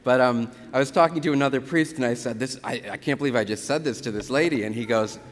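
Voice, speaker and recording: A Catholic priest giving a conversational sermon, telling stories from the pulpit with lively retellings. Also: male voice, mid-range voice, fast. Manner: conversational storytelling, animated retellings. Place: church. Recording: church reverb.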